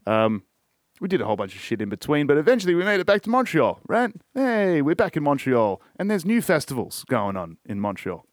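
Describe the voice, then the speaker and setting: A man's voice: fairly high pitch, wildly swooping pitch, a little fast, no echo, clean studio sound. An Australian man hosting a podcast, talking casually and rambling, swearing constantly and trailing off with shrugging asides. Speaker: podcast host. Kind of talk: casual solo podcast monologue.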